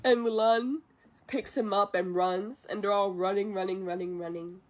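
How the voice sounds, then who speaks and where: A woman's voice: medium pitch, steady tone. Young woman recounting a film from memory. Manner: chatty, pausing to recall details. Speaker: vtuber streamer. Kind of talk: retelling a film from memory, casual. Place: livestream at home.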